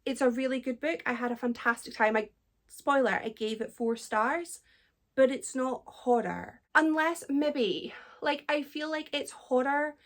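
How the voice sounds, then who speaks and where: A young Scottish woman chatting casually in a book vlog, self-deprecating and quick to laugh. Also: high voice, fairly bright tone. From Scotland. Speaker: book vlogger.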